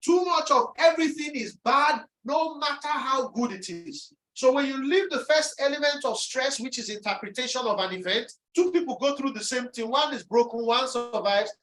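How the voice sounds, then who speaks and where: Woman giving a pep-talk lecture, kinda high voice, repeats stuff for emphasis, echoey room, mic far off. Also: animated, normal speed, hardly any pauses. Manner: emphatic, repeats key phrases, acts out inner voices. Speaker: speaker presenting on resilience. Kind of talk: motivational lecture.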